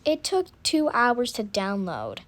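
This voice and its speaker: A woman narrates a story she is making up on the spot, halting and restarting as she searches for words. Her voice is a little high and her pace is slow. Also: huge pitch swings, fairly bright tone. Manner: halting, with restarts and self-corrections.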